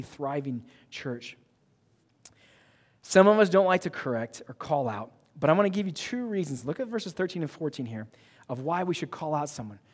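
A man preaching a sermon as pastor, animated and emphatic, joking with his congregation. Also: fairly high pitch, long reverb tail. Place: church sanctuary.

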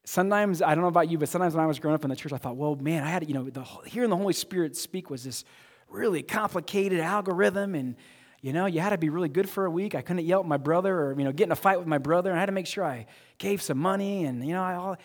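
Conversational pastor preaching in a reverberant church. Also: male voice, fairly high pitch. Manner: conversational, repeats words, asks the congregation questions. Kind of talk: sermon. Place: church sanctuary.

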